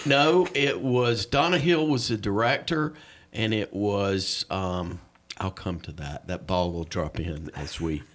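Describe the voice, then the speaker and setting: A middle-aged man on a podcast who talks in a projecting voice, relaxed and joking. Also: on the low side, slow, a little hiss or hum. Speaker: podcast guest, coworker.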